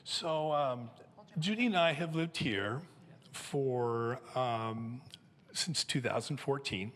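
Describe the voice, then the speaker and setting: A man's voice: mid-range voice, takes it slowly, fairly bright tone, big-room sound. A seventy-year-old man from Southern California, humbly and emotionally introducing himself as an elder candidate on a church stage with a handheld mic. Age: 70s. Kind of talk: personal testimony on stage. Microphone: handheld microphone.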